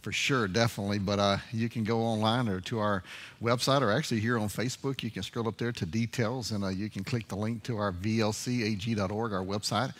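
Folksy pastor, halting delivery. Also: male voice, lowish voice, fairly even intonation, fairly bright tone. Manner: folksy and friendly, halting, with frequent "uh" fillers. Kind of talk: informal livestream Bible study welcome and prayer.

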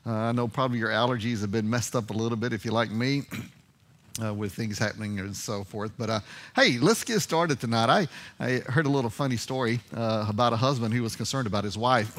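A man, a pastor leading a casual livestream Bible study and prayer, with folksy, halting talk full of fillers. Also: medium pitch, fairly bright tone.

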